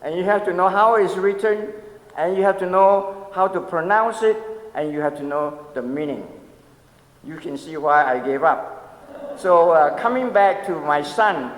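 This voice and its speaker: A man's voice: sits high, unhurried. A man in his seventies, a pastor giving a conversational sermon, telling stories and asking the audience questions with light humor. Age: 70s. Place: church sanctuary. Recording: long echoey church reverb.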